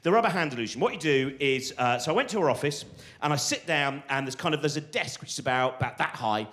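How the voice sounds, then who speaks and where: A middle-aged comedian telling stand-up stories, excitable and acting out the voices of people in them. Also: male voice, a little high, fast talker. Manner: animated, excitable, acts out voices of people in his anecdotes. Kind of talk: stand-up storytelling.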